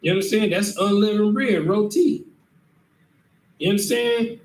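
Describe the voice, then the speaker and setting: A man's voice: sits high, a little slow, darkish tone. A man leading a scripture lesson in an emphatic way, who keeps checking that his listeners understand. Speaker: teacher leading a scripture class. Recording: echoey room, mic far off, faint noise.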